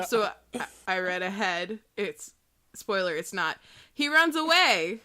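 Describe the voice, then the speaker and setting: A woman's voice: on the high side, animated, normal speed, pushed and bright. A woman co-hosting a podcast, chatting casually, rambling and giggling as she reads aloud. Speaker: podcast co-host. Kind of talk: casual chat.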